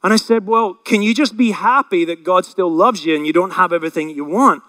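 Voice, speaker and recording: A man's voice: high-pitched, fairly quick, pushed and bright, dry recording. A man preaching a sermon in an earnest, emphatic way, acting out the conversations he retells. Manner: earnest, emphatic, acts out quoted dialogue.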